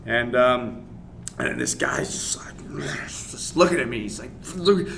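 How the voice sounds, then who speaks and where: A man's voice: mid-range voice, measured pace, gravelly, a little hiss or hum. A man in a podcast interview, an MMA fighter casually telling a story, swearing and acting out the other people's lines. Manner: animated, swears, acts out dialogue, laughs while telling.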